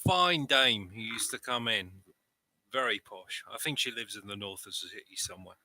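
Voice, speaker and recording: A man's voice: fairly low pitch, normal speed, bright, forceful tone, no echo, low-quality recording. A man voicing a burly male bouncer in a tabletop game, telling his story boastfully. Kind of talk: tabletop role-play.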